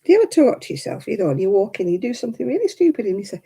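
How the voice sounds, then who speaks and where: This crafting vlogger, a middle-aged woman, talks casually while she crochets at home, often laughing and joking at her own expense. Her medium-pitched voice is sing-song, gravelly, mellow and breathy, and she fires words out rapidly with hardly any pauses.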